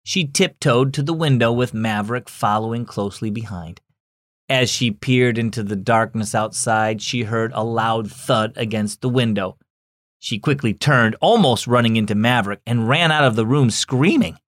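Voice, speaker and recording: A man hosting a Christian children's devotional and reading a story aloud, gentle and expressive. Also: medium pitch, normal speed, no room sound, studio quality. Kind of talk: scripted narration for children.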